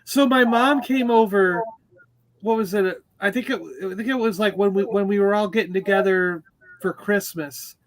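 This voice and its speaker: A man's voice: sits high, steady tone, normal speed, rough recording. A man in his fifties hosting a livestream video chat, telling stories and laughing often. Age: 50s. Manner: chatty storyteller, laughs often. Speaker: livestream host. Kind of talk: casual group video chat.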